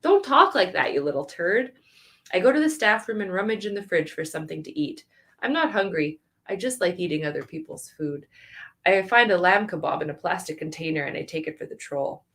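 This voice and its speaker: A woman's voice: fairly low pitch, expressive, a little fast. A woman reading her own story aloud at a live event, earnest and conversational, with laughing asides.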